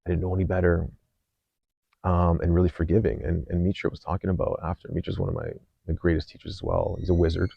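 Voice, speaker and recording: A man with a very deep, gravelly voice hosts a podcast and tells a personal story in an earnest, unhurried way. He often restarts his sentences and fills pauses. The recording is dry and a little dull. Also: dark tone, no echo. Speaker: podcast host. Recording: slightly dull dry sound.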